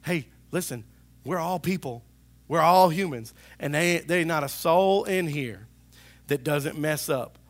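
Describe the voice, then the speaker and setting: A male pastor preaching a sermon in a church, animated and talking to the congregation, now and then acting out voices. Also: a little high, a little slow. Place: church sanctuary.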